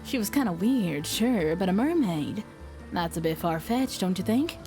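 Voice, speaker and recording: A woman voicing a brisk, modern-minded young female diver, reading game dialogue aloud with a light put-on accent. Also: medium pitch, expressive, over music, voice pushed down, natural voice. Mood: matter-of-fact.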